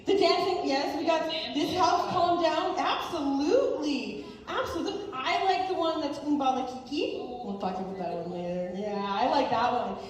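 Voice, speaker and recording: Animated female host, kid-friendly, voice distant and echoing in a big hall. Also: high voice, moderate pace, few pauses. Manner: animated, playful, talks to kids. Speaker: host and parent panelist. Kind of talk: lively family event presenting. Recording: echoey hall from far off.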